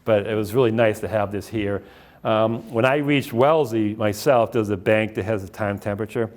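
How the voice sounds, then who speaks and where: A man's voice: lowish voice, a little fast. A middle-aged man, giving a casual talk about running, full of fillers and restarts. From Boston area. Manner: rambling, anecdotal, many fillers and restarts. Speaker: author giving a library talk.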